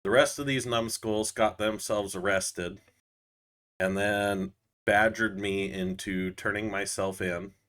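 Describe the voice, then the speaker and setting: A man's voice: fairly low pitch, fairly even intonation, takes it slowly, a bit bright. A man playing in a tabletop game, recapping casually in a cocky, sarcastic, profane way. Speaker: player.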